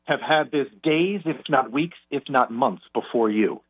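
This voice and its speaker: Guy phoning into a radio show talking money, measured, keeps restarting, tinny phone sound. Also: medium pitch, animated. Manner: measured, explanatory, with repeated restarts. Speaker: guest financial commentator. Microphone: telephone call.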